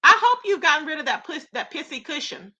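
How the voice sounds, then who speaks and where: Lady spilling tea live, super bright sharp voice, keeps going "how? how?" all amazed. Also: sits high, brisk, muffled recording. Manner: incredulous, animated, rhetorical questions. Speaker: commentary channel host. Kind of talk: live gossip commentary, reading chat.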